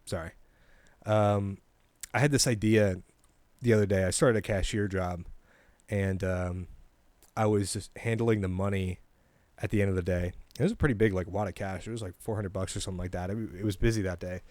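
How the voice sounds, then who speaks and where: A young man hosts a comedy podcast, meandering casually through a rambling monologue and chuckling at his own jokes. His voice sits low with a darkish, steady tone, he speaks briskly, and there's no room sound.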